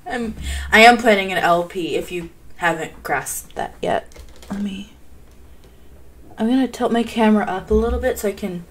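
A woman's voice: moderate pace, pauses often, a little hiss or hum. A young woman reacting live on a stream from her bedroom, giddy and bubbly, talking close to a desk mic. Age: young adult. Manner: giddy, bubbly, breaks into high squeals. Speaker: gaming streamer.

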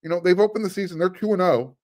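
A man on a sports podcast delivers casual commentary in a high-pitched, rapid-fire voice with a darkish tone. The talk is chatty, filler-heavy and full of restarts, with dry sarcastic jabs.

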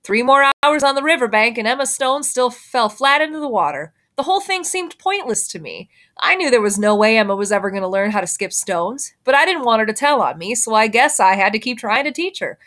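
Teacher lady reading a kids novel out loud, expressive, kinda high voice. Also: brisk. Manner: expressive storytelling, lifts her voice for characters. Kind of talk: reading a children's novel aloud.

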